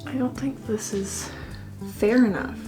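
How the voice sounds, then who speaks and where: Her voice sits on the high side and moves unhurriedly over background music. A beauty vlogger in her twenties, she chats loosely through a makeup attempt, running herself down, swearing without restraint, and dissolving into mock-dramatic wailing.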